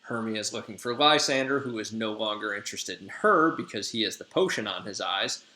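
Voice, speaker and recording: A man's voice: on the low side, a little fast, sharp tone. A male teacher casually retelling a play to his class in slangy, conversational talk. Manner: slangy, conversational, lots of fillers. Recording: echoey room.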